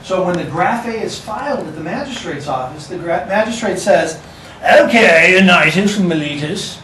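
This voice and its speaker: A man's voice: high voice, animated, moderate pace, recorded from a distance, slight background noise. A man teaching a class, with a casual, joking lecture manner. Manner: casual, joking, talks to students. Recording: echoey classroom recorded from afar.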